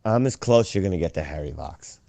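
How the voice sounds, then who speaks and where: A man hosting a profane conspiracy chat show, ranting and swearing, now and then shouting mockery. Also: deep voice, lively intonation, a little fast, creaky, no room sound. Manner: ranting, swears a lot, swings loud and mocking.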